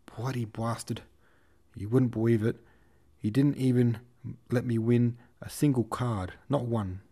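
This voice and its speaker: A man's voice: medium pitch, steady tone, measured pace, dark tone, voice pushed up. A man voicing a hot-tempered, swearing young cavalry officer who cannot pronounce his R's. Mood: blustering. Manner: blustering, swearing.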